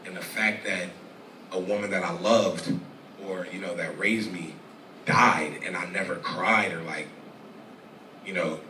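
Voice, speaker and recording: Deep-voiced young man, rambling and profane. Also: steady tone, bright, forceful tone, a little hiss or hum. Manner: rambling, profane, halting restarts. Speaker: interview guest. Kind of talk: candid live interview storytelling. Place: live venue stage. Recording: echoey room, distant mic, audience ambience.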